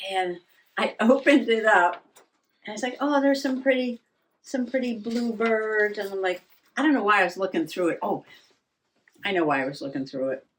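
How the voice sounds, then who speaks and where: A woman's voice: mid-range voice, moderate pace, pauses often, a bit bright. An older woman vlogging in a rambling, self-mocking way, laughing often and a little out of breath. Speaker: journaling vlogger. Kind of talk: casual chat.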